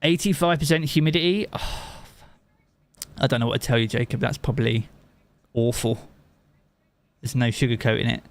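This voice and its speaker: A man's voice: mid-range voice, steady tone, moderate pace, long pauses. A man from England with a Southern English accent, a game streamer chatting casually with his live chat and swearing freely.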